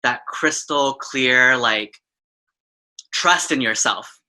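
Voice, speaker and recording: A woman's voice: a bass voice, extremely slow, bright, forceful tone. A trans woman hosting an interview, talking effusively and at length, with lots of "like" and "you know" fillers. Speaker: host. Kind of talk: casual interview conversation.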